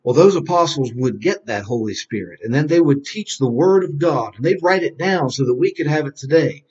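Guy teaching kids bible chapters, repeats stuff over and over, kinda high voice, muffled lo-fi sound. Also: expressive, darkish tone. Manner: quizzing, answering his own questions slowly; repetitive call-and-response drilling. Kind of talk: Bible lesson for children. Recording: dull lo-fi recording.

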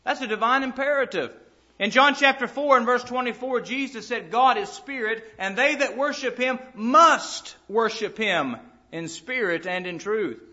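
A man's voice: high voice, normal speed, sharp tone, dull audio. A man preaching a sermon to a church assembly, emphatic and quoting scripture in old-fashioned wording.

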